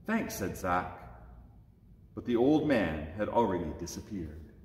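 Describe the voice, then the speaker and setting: A man reads a children's story aloud during a church service. His delivery is slow and animated, with his pitch rising and falling. The recording rings with the long, roomy echo of the church. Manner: expressive, lively read-aloud delivery. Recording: echoey church with long reverb.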